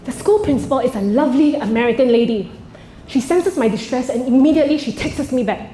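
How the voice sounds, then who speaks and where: A high-voiced woman works a live crowd from the stage, telling her stand-up material with theatrical swings into sudden, loud outbursts. Her voice rings around a roomy space, with faint ambience beneath it. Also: brisk, a little hiss or hum. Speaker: stand-up comedian. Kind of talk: stand-up comedy. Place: stage before a live audience.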